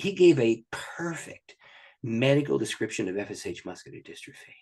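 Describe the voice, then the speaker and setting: A pastor, a man, telling a story as a guest in an interview, in an animated and excited way. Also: mid-range voice, normal speed, breathy edge.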